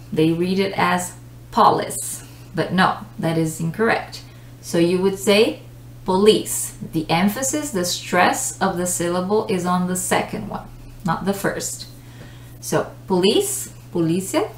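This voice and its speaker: Slow, patient woman teaching English. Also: mid-range voice, a little hiss or hum. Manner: patient, explains slowly with examples. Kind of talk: pronunciation lesson. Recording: echoey room.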